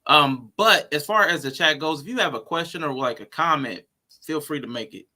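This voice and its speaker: A man in his forties hosting a live discussion, stepping in to gently give guidance. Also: a little high, lively intonation, moderate pace. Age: 40s. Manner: gentle interjecting, advising politely. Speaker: host. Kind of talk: moderating a live stream chat.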